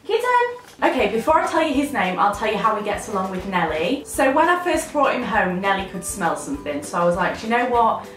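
A woman's voice: medium pitch, sing-song, brisk, a bit bright, echoey room, faint music behind. A woman, chatting to camera in a bubbly, rambling vlog. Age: 20s. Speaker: lifestyle vlogger.

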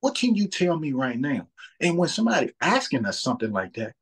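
A man's voice: a little high, big pitch swings, a little fast, husky. A man, talking about faith in a casual, earnest way and often repeating words as he thinks. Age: 30s.

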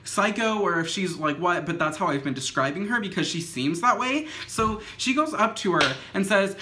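A woman's voice: medium pitch, normal speed, slight background noise. A young woman telling a story in a casual vlog, filling nearly every phrase with "like", swearing freely and acting out what people said. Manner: says "like" constantly, swears freely; animated retelling with acted quotes. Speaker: vlogger.

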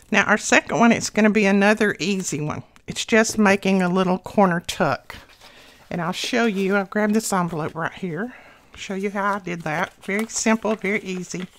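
This craft host's mid-range voice has a bit of brightness. She keeps a chatty conversation going with viewers through a casual tutorial, a little breathless as she works.

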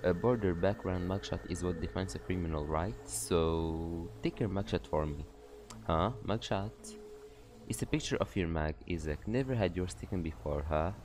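A man's voice: deep voice, darkish tone, a little hiss or hum, natural voice. A man reading the lines of a sly, mocking female warden in a game, taunting her captives. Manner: taunting, drawn-out questions.

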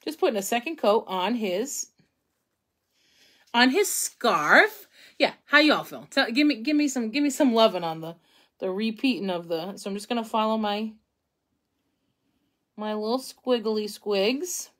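A woman's voice: on the high side, animated, a little slow, long pauses, a bit bright. A young woman hosting a casual painting tutorial, chatting and thinking aloud as she works, often poking fun at her own mistakes. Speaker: craft instructor.

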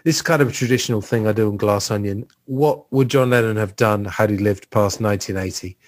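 A man's voice: on the low side, fairly quick. A man hosting a casual podcast conversation, chatty and thinking aloud with plenty of fillers. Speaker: podcast host.

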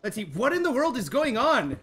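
A young man streaming a game live, jumpy and excitable, talking straight to his chat. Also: very high-pitched, brisk, slight background noise. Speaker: gaming livestreamer. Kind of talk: live let's-play commentary.

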